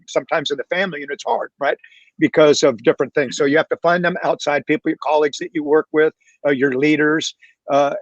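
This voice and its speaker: A man's voice: fairly high pitch, dry recording, highs cut off. A man on a panel talking reflectively, with many fillers and restarts. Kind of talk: casual panel talk.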